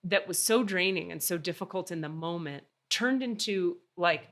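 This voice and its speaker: A woman hosting a podcast, telling a story in casual chat, animated and swearing freely. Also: fairly low pitch, normal speed. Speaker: podcast host.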